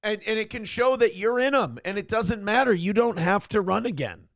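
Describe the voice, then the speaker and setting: A male morning show host who reacts to the news with blunt, profane commentary. His voice sits a bit high for a man, and the sound is close and dry. He talks in an animated, offhand way. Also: normal speed, creaky, no echo. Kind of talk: casual political commentary.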